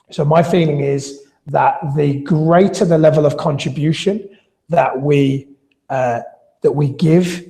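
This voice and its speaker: A man with a gravelly edge and a warm, mellow tone, pitched a little above the usual for a man. He teaches gym sales in a live online class, chatty and anecdotal, and often restarts his sentences. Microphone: video call style mic.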